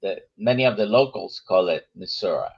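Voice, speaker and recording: Man host, low gravelly voice, talks real slow, dull lo-fi sound. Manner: slow, halting, with many pauses and "uh"s. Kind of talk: casual interview chat.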